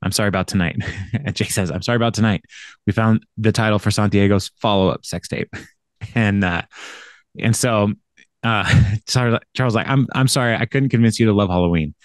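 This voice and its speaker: Low-voiced man rambling through an episode recap. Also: brisk, no echo, studio quality. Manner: rambling, laughing, full of fillers. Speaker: podcast co-host. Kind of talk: casual chat recapping an episode.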